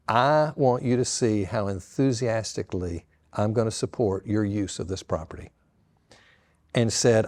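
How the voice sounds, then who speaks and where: An older man, a pastor retelling a story with lively quoted dialogue to an audience. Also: fairly low pitch.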